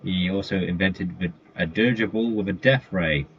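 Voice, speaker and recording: Man, very low voice, rambling casual commentary, dull lo-fi mic, faint hiss. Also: moderate pace. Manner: rambling, with frequent fillers and self-corrections. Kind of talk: casual list-style commentary.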